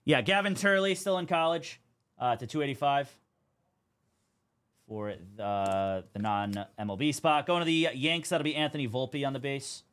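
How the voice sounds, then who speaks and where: A man's voice: medium pitch, measured pace, fairly bright tone, clear, resonant tone. A young man hosting a live card break stream, chatting casually as he calls out cards and teams.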